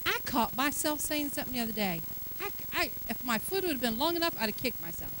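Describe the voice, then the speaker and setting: A middle-aged woman pastor preaching a sermon, acting out everyday lines with animated energy, then turning to a hushed altar call. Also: high voice, quick pace, a little hiss or hum, poor audio. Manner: soft, hushed invitation at the close.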